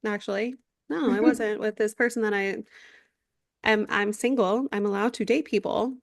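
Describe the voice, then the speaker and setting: A woman's voice: mid-range voice, moderate pace, gravelly, no echo, studio quality. A woman in her thirties co-hosting a podcast, telling a story in casual chat, acting out quotes and swearing freely. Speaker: podcast co-host. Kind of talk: casual chat recapping a reality show.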